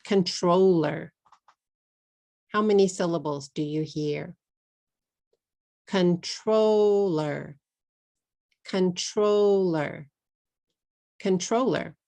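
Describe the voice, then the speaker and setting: A woman with a Texas accent teaching English pronunciation, saying each word slowly and repeating it for learners. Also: on the low side, gravelly, a little mellow. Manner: slow, drawn-out model words, repeated for learners. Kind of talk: pronunciation lesson.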